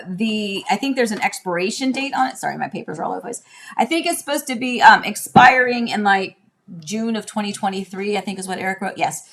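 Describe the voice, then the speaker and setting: Chatty woman host, rambles with restarts, live from home. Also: medium pitch. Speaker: real estate agent hosting a live show. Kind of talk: casual live-stream chat.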